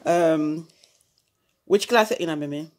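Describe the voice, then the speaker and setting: A woman with a Jamaican accent talks casually in a home family vlog, coaxing and laughing as she slips between patois, English and French. Her voice sits a little low. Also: takes it slowly, a little mellow. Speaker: family vlogger.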